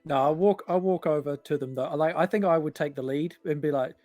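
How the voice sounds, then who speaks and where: A man's voice: fairly high pitch, a little fast, a little mellow, no room sound. A man playing a tabletop role-playing game, joking in and out of character. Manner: cheeky, joking. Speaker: player.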